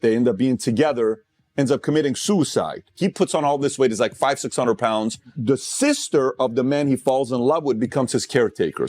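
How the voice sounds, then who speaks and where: A man's voice: lowish voice, darkish tone, breathy edge. A man giving a motivational speech, blunt and conversational, telling stories with emphatic, impassioned build-ups. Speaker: motivational speaker.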